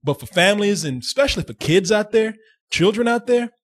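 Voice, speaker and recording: A man's voice: high-pitched, fairly quick. A man co-hosting a movie review show, chatting casually with plenty of joking and profanity. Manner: animated, laughing, profane, joking. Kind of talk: casual chat.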